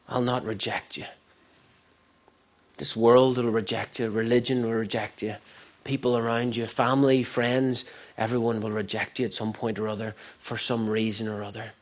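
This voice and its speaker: A man's voice: on the low side, level tone, moderate pace, breathy edge. A man preaching a sermon earnestly, repeating phrases for emphasis and often restarting mid-sentence. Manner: many restarts and stumbles.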